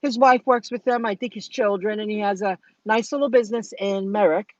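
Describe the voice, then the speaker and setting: A woman's voice: mid-range voice, fairly even intonation, brisk, no echo. Rambling middle-aged woman venting from her car. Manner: rambling, venting, thinking out loud. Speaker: delivery driver vlogger. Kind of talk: casual vlog, talking to live chat. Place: inside a car. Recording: dull, dry lo-fi sound.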